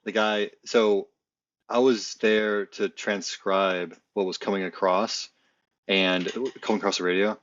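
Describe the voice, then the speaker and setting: A man co-hosting a casual podcast, telling stories in a relaxed, halting way with many fillers. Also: on the low side, highs cut off. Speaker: podcast co-host. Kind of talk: casual chat.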